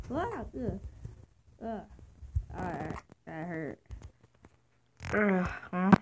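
A woman acts out a game story, slow and halting with lots of fillers. Her voice has a gravelly fry. The recording carries clear background noise. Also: medium pitch. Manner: slow, hesitant, many fillers. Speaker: game video maker. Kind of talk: casual game role-play. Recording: noisy home recording.

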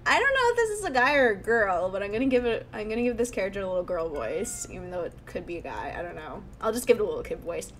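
A woman's voice: medium pitch, big pitch swings, fast, few pauses, slight background noise, poor audio. A young woman giving casual gameplay commentary, chatty and often talking under her breath. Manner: chatty, reacts aloud, often hushed. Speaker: let's play host.

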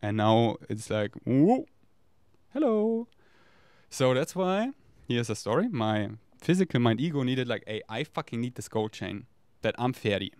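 A man rambles candidly, swearing freely as he talks. His voice is smooth and clear. It sounds dry and close, with no room echo. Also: mid-range voice, expressive, normal speed, a little mellow. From Germany. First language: German. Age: 30s. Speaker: vlogger. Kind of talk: casual confessional monologue.

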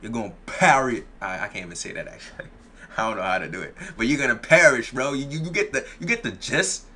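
A man's voice: mid-range voice, expressive, fast, bright, forceful tone. A young man giving casual gameplay commentary, playful and boastful, full of slang and repeated phrases. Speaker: gaming YouTuber.

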